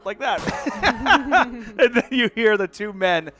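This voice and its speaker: A woman game master narrating a tabletop role-play game, animated and laughing, voicing sound effects as she goes. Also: a little high, slow, soft background music.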